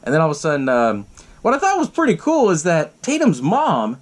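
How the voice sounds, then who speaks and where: A man's voice: fairly high pitch, wildly swooping pitch, a little fast. A man hosting a podcast, retelling a horror film in a casual, rambling way, swearing often, laughing, and acting out the characters' lines. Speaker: podcast host. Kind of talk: casual movie recap.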